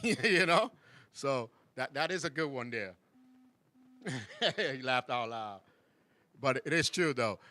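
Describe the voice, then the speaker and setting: Male host, casual banter, animated with mock voices, dry room. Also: medium pitch, slow, pauses often, dry recording. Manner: animated, mocks backhanded compliments in sing-song voices, laughs often. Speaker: show host. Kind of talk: casual chat.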